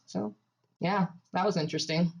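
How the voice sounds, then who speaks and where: A woman's voice: fairly low pitch, normal speed, vocal fry. A young woman co-hosting a podcast, telling a story in casual chat with frequent laughs. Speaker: podcast co-host.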